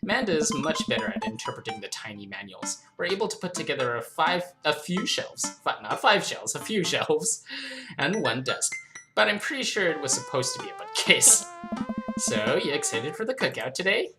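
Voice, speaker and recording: A woman's voice: low-pitched, very animated, normal speed. A young woman playing a story game, reading the dialogue aloud in a playful, giggly way and commenting between lines. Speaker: let's play host. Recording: game music under voice.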